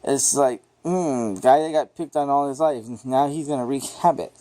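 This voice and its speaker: Reviewing a movie without a script, this man speaks at normal speed in a middle pitch, loose and excitable, full of rambling, free swearing and nonstop fillers.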